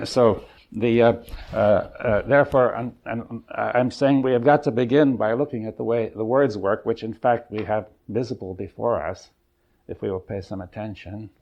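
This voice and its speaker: An older man leading a seminar, thinking aloud in a halting, searching way and often checking in with his listeners. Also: on the low side, fairly even intonation, vocal fry, highs cut off. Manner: thoughtful, halting, often checks in with "right?" and "you see". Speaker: seminar leader. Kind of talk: exploratory seminar talk. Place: seminar room.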